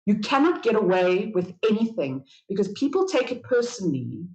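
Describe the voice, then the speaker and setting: A woman guest on an interview show, telling a personal story in a candid, self-deprecating, quick conversational way. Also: mid-range voice, big pitch swings, darkish tone, echoey room, dull audio.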